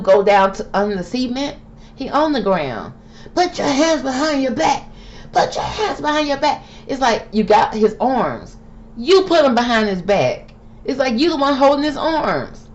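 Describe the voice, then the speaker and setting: A woman's voice: low-pitched, darkish tone. A woman hosting a tarot reading commentary, talking emphatically, repeating "okay?" and calling the listener baby, sometimes heated and indignant. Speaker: tarot reader host. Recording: dull lo-fi with faint hiss.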